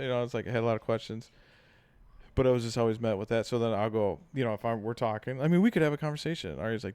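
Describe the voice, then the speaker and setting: Podcast co-host, man, middle pitch, dry close sound, animated storyteller who acts out voices. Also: fast talker, smooth, dry recording. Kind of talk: casual chat.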